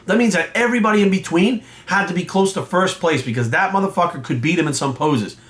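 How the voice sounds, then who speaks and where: A man's voice: sits high, fast, fairly bright tone. A man who coaches and judges bodybuilding, delivering a heated, profane, confrontational rant to his viewers. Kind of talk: profane ranting vlog monologue.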